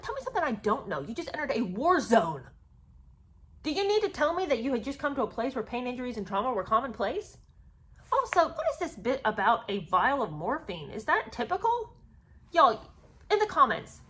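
A woman's voice: a little high, big pitch swings, fairly quick, a bit bright. Sarcastic woman commentator. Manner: sarcastic, exasperated. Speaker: book commentator. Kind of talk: casual commentary.

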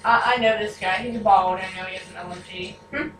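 A woman's voice: mid-range voice, fairly even intonation, fairly quick, music in the background. A woman hosting casual gameplay commentary, chatty and self-mocking, who often laughs at her own mistakes. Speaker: gaming channel host. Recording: echoey room, distant mic, noisy.

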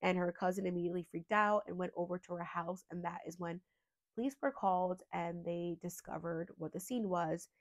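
A woman's voice: on the low side, fairly even intonation, brisk. A woman hosting a true crime channel, talking earnestly and with emotion, at times holding back tears and rambling with fillers.

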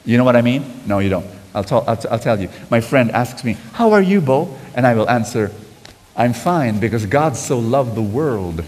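A man preaching a sermon to a live audience, animated, calling for responses and loudly acting out quotes. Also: medium pitch, moderate pace, big-room sound, slight background noise.

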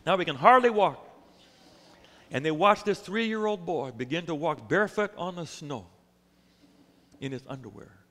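A man's voice: on the high side, a bit bright, long reverb tail. A male pastor preaching a sermon, telling a story animatedly and acting out the characters.

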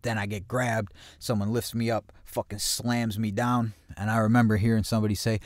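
A man with a low voice tells a personal story in a casual, profane, streetwise way. He breaks into loud acted-out voices of the people involved. The recording is close and dry, with no room sound. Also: moderate pace, few pauses, no room sound. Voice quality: heavy swearing, acts out quoted voices loudly. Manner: blunt, streetwise, animated retelling. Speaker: podcast host telling a personal story.

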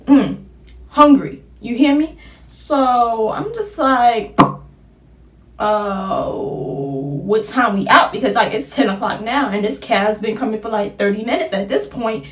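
A young woman telling a casual storytime tale, slangy and animated, jumping into high excited bursts when she quotes people. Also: slow pace, echoey room, far from the mic.

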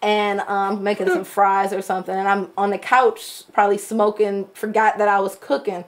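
A woman's voice: medium pitch, little pitch movement, normal speed. A woman with a Detroit accent, a podcast guest telling a story in a laid-back, laughing way. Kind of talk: casual storytelling.

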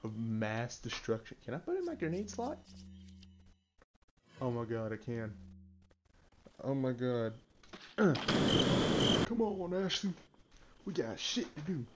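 A man giving let's-play commentary on a horror game, excitable and swearing, yelling at his companion character. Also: medium pitch, takes it slowly, long pauses, noisy background. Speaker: gamer playing a VR horror game.

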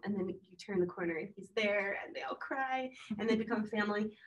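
A woman's voice: medium pitch, brisk, hardly any pauses, far from the mic, low-quality recording. A woman co-hosting a podcast, chatting casually and telling a story with lots of laughter. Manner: animated storyteller, laughs often. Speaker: podcast co-host. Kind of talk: casual chat.

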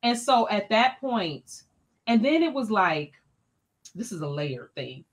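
Animated woman telling her story. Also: medium pitch, slow, crowd noise. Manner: animated, expressive, colloquial storyteller. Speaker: education scholar and interview guest. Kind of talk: personal storytelling in a podcast interview.

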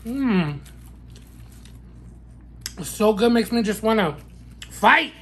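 This man's voice leans high with a fairly bright tone. Reviewing fast food for his mukbang vlog, he keeps a sassy, playful manner and relishes every bite with lots of mm and wow sounds.

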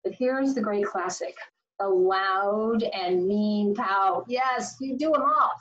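Woman, life coach, upbeat and playful, fairly high voice, a bit far off, dull sound. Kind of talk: motivational talk to camera. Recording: slightly distant, dull sound.

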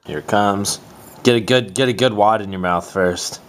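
A man's voice: lowish voice, a little slow, noisy background. A young man co-hosting a comedy show, bantering goofily and often squealing in mock alarm. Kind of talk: goofy casual banter.

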